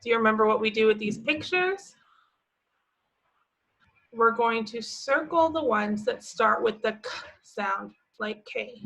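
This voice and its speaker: A young woman leads a preschool lesson in a bright, slightly high voice. She speaks very slowly and patiently, putting simple questions to the children and encouraging them as she answers. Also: creaky, poor audio. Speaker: preschool teacher.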